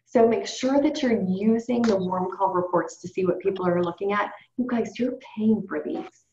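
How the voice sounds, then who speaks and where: A woman's voice: medium pitch, moderate pace, mellow, slight background noise. Woman coaching her team on a call, chatty and upbeat, echoey muffled audio. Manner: upbeat, coaching tone, addresses group as you guys. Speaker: direct sales team leader. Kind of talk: training call talk. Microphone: call or webinar. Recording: roomy, dull conference call audio.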